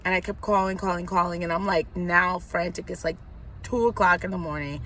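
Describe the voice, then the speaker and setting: A woman's voice: lowish voice, steady tone, a little fast, bright, forceful tone, a little hiss or hum. A young woman from New York vlogging a personal story in a casual, rambling way, full of likes and you knows.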